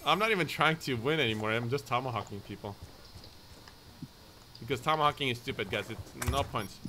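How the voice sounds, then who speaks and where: A man hosting a game stream, bantering loudly with friends and greeting chat viewers. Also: mid-range voice, brisk. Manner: excitable, loud outbursts, greets chat viewers. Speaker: gaming streamer host. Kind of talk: excited gameplay banter. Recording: noisy game stream audio.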